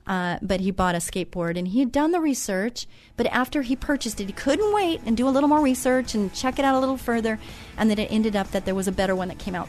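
A middle-aged woman hosting her own radio talk show, telling folksy stories and giving earnest advice, repeating her points and filling pauses with um and uh. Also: a little high, lively intonation, darkish tone, faint music behind. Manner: chatty, folksy storytelling with frequent um and uh. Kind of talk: motivational talk show monologue.

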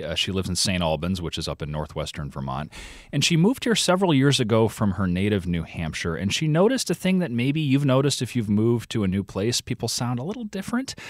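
Deep lively man, dry close sound. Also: dry recording. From outside Chicago. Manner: chatty, explanatory, with fillers. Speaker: podcast co-host guest. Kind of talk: interview answers.

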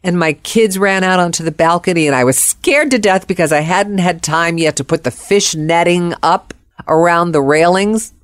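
A woman's voice: on the low side, moderate pace, no room sound. A woman telling a personal story expressively, acting out the voices of the people in it.

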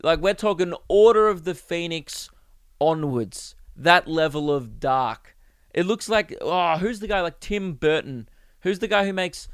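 A young Australian man chats through his own podcast, swearing freely and laughing at his own jokes. His voice sits a little high and comes through smooth and clear. It sounds close and dry, with no room echo. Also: expressive, a little slow. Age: 20s. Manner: rambling, jokey and crude, laughs often. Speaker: podcast host. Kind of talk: casual solo podcast chat. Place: home recording setup.

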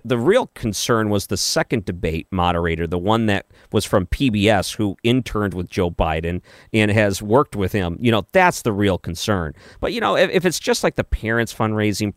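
A man with a low voice hosts late-night talk radio from a dry studio. He muses casually, restarting sentences and weighing points with mild skepticism. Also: dry recording. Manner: conversational, many restarts, calmly skeptical. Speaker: radio talk show host. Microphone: studio microphone.

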